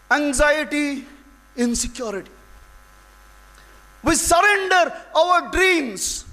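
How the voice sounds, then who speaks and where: A man giving a dramatic, emotional inspirational speech to an audience, full of long pauses. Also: very high-pitched, fairly bright tone, poor audio. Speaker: public speaker.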